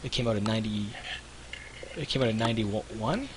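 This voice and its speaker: A man in his thirties, co-hosting a livestream, telling rambling animated stories with lots of restarts. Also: on the low side, brisk, background noise. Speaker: web show co-host. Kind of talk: casual livestream chat.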